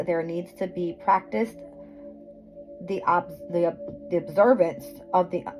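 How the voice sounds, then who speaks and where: A woman's voice: lowish voice, a little mellow, low-quality recording. A woman giving a casual astrology and tarot reading to viewers at home, scattered and swearing, often tripping over her words. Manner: scattered, swearing, self-interrupting, laughing at own slips. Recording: background music playing.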